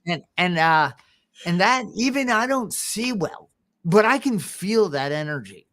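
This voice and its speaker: A man co-hosting a podcast, telling rambling personal stories, often chuckling and clearing his throat. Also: high-pitched, expressive, measured pace, a bit bright. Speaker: podcast co-host. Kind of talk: casual podcast conversation.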